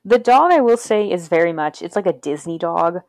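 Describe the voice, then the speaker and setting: A woman with a lowish voice chats about a film with a friend and slips into quick impressions of the characters. She laughs often as she goes. The sound is close and dry, with no room around it. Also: lively intonation, darkish tone, no echo. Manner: chatty, laughs often, retells scenes with quoted voices. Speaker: podcast co-host. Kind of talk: casual movie discussion.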